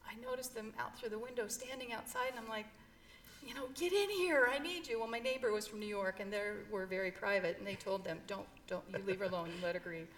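A woman's voice: mid-range voice, steady tone, fast, hardly any pauses, slight background noise. A middle-aged woman telling an emotional personal story in an interview, earnest and heartfelt. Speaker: guest.

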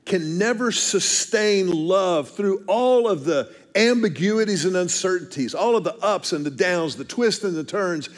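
A man's voice: sits high, expressive, measured pace, few pauses. A man, preaching a storytelling sermon with earnest, self-deprecating humor and frequent restarts. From Texas, USA. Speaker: pastor.

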